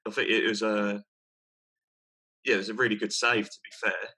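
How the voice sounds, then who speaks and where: Lower-pitched man chatting football. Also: flat delivery, moderate pace, sharp tone. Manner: hesitant, repeats words, self-mocking laughs. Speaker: podcast co-host. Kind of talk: casual football chat.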